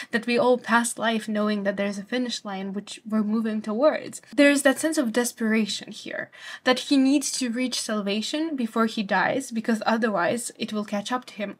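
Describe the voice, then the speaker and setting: Young woman, literature study guide, fairly high voice, earnest, slows for quoted verse. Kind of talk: explaining a poem line by line.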